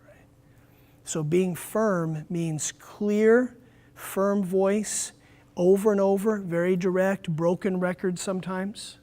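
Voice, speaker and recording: A man running a teacher training workshop, talking straight to his audience in a lively way. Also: sits high, slow pace. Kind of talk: workshop lecture.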